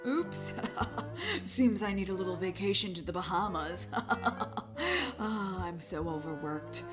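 A woman voicing a playful, forgetful male God in a voiced game role-play, with a gravelly, drawn-out delivery. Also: fairly low pitch, animated. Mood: joking. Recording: music playing behind.

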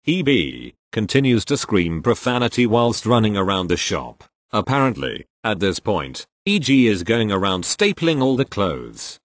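A man reading online posts aloud as storytelling, in a wry, expressive manner. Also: on the low side, measured pace, few pauses, dry recording.

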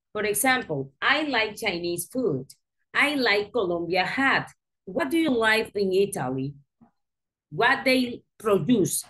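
Slow, patient Spanish-accented woman teacher. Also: medium pitch, a bit bright, husky. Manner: patient, repeats and corrects slowly. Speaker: English teacher. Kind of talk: classroom teaching. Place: classroom.

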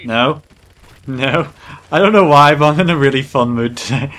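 A man giving casual gameplay commentary as a gaming channel host, playful and jokey with excitable rambling. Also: mid-range voice, moderate pace, slight background noise.

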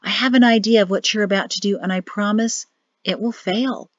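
Woman reading as a soft-spoken, cryptic young man; storybook voice, low and hushed, muffled dry audio. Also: no echo, natural voice. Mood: grave. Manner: calm, grave, measured warnings. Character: grim quiet young man, cryptic brother.

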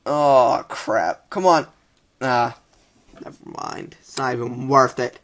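A young man giving casual let's-play commentary, excitable, often yelping and muttering "oh dear" as he plays. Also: mid-range voice, unhurried. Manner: excitable, frequent yelps and "oh dear". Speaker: gaming video host. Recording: keyboard clicks and typing behind.

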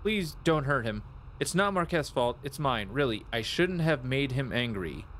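A man reading aloud the lines of a timid, frightened young woman in a game, speaking low and hesitantly. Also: very animated, moderate pace, fairly bright tone, a little hiss or hum.

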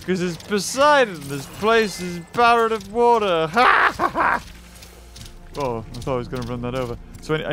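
A man hosting a let's play, chatting excitably and talking to the creatures on screen. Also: on the high side. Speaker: gaming channel host.

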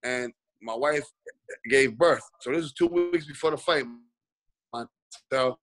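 A man's voice: medium pitch, unhurried, low-quality recording. A man being interviewed as a boxing guest over a video call, telling a long story with lots of fillers. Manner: rambling, many "you know" fillers. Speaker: guest boxer.

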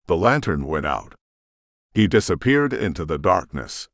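Male audiobook narrator, very low voice, lively intonation, dry booth sound, tense first-person reading. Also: moderate pace, gravelly, no room sound.

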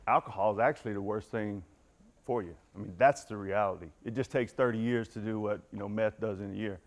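A man's voice: fairly low pitch, steady tone, a little fast. A middle-aged man giving a candid personal recovery talk to a football team, telling his story and addressing the room directly. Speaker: motivational speaker.

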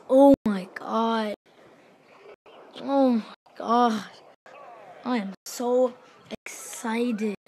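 A high-pitched woman narrates her own gameplay in a hyper, gushing rush. She repeats her exclamations over and over and jumps from loud cheering to low mumbled asides. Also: a little hiss or hum. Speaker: gaming channel host. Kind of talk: excited gameplay commentary.

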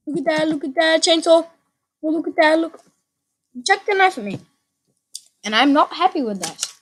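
A high-voiced woman runs her own gaming channel, delivering excitable let's play commentary at a normal speed. She repeats phrases and lets out sudden yelps.

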